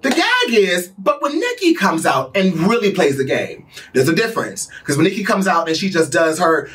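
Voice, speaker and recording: A man's voice: sits high, huge pitch swings, normal speed, a bit bright, recorded from a distance, slight background noise. A man giving casual pop culture commentary in a sassy, gossipy way. He laughs often and swears freely.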